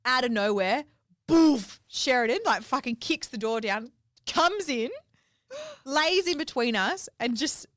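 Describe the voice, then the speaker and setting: A woman's voice: high-pitched, big pitch swings, measured pace, fairly bright tone, dry recording, studio quality. A young woman, co-hosting a podcast and telling a story in casual chat, swearing freely and acting out quotes. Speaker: podcast co-host.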